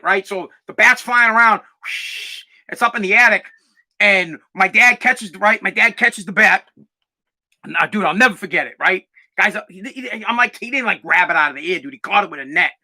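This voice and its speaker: A man's voice: sits high, bright, forceful tone. A young man hosting a podcast, telling stories in a brash, profane, emphatic way. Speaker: podcast host. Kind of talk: casual storytelling chat.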